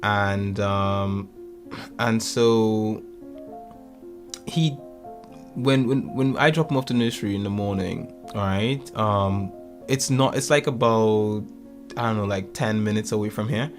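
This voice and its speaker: A man in his thirties casually telling a lively story about his kids, acting out their lines and laughing often. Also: lowish voice, slow, faint music behind. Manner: animated, acts out family quotes, laughs often. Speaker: podcast co-host.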